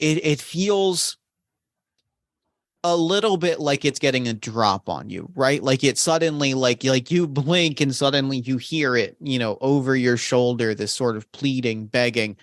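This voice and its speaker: A man running a tabletop game, describing the scene at a middling pitch in a halting, searching way. He restarts often and reaches for his words. The sound is close and dry. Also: dry recording. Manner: halting, full of restarts and fillers. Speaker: game master.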